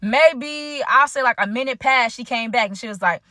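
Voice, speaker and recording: A woman's voice: a little high, normal speed, sharp tone, dry recording, studio quality. A woman telling a personal story to her viewers in a casual storytime vlog, slangy and chatty, talking straight to the audience. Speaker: content creator telling a story.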